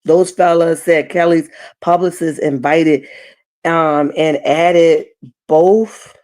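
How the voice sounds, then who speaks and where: A woman's voice: low-pitched, takes it slowly. A woman hosting a casual reality TV recap, retelling scenes dramatically and putting on the cast's voices. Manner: animated, dramatic retelling with acted quotes.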